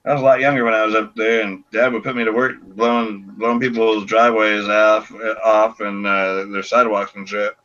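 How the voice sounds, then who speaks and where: A man's voice: lowish voice, flat delivery, fairly quick, hardly any pauses, fairly bright tone, dull audio. A man hosting a casual beer chat, joking and laughing often. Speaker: podcast host.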